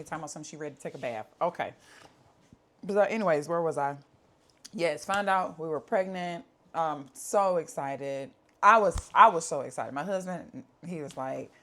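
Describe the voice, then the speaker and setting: A woman in her thirties giving a candid personal life update from home, talking conversationally and repeating herself. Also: sits low. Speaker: vlogger.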